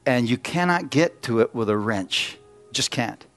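A man's voice: medium pitch, lively intonation, measured pace, fairly bright tone, soft background music. A middle-aged man preaching a sermon, telling folksy personal stories and putting questions to the congregation.

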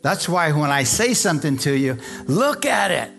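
Fervent preaching man with soft guitar. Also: fairly high pitch, very animated, normal speed, creaky. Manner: fervent, repetitive, calls on the congregation. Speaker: pastor. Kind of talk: live sermon. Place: church service before a congregation.

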